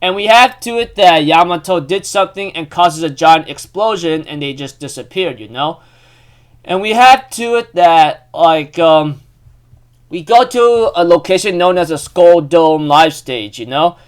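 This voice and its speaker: Excitable young man, clear voice. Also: fairly high pitch, measured pace. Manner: excitable, rambling, laughs often, lots of fillers. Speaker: manga recap host. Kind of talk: casual chat recap.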